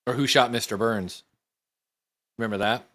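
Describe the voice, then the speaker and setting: A man's voice: medium pitch, fairly even intonation, normal speed, pushed and bright. A man chatting casually, telling easygoing stories. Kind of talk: casual chat.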